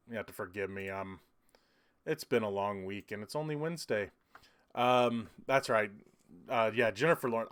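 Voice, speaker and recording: A man's voice: on the low side, fairly bright tone. A man hosting a casual livestream, rambling loosely and chuckling as he reads out viewer comments. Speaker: livestream host.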